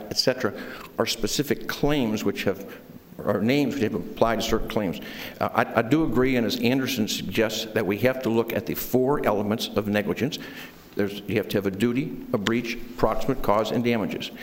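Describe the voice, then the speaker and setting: A male defense attorney arguing before a court in a measured, formal way, with frequent ums and restarts. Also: lowish voice. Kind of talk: courtroom oral argument. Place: large courtroom. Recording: reverberant courtroom recording with faint noise.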